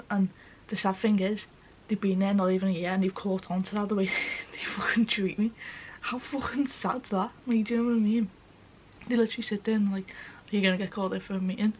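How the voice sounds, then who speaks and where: With a mid-range, darkish voice, a young adult vlogger talks casually and frankly to camera, tearful and sweary, her voice cracking, with frequent filler questions like "do you know what I mean." A little hiss or hum runs through the rough recording.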